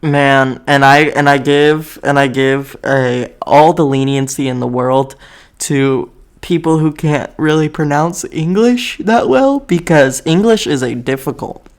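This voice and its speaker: Rambling young American man with a gravelly edge. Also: a little high, a little slow. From United States. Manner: rambling, self-correcting, laughs often. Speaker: vlogger. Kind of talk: casual rambling monologue to camera.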